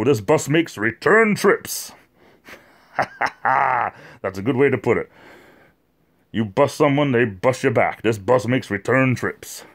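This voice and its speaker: A man of middle pitch hosts a loose livestream chat. He rambles from one thing to the next and stops to answer viewers by name. His talk is full of fillers and repeated words. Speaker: livestream host.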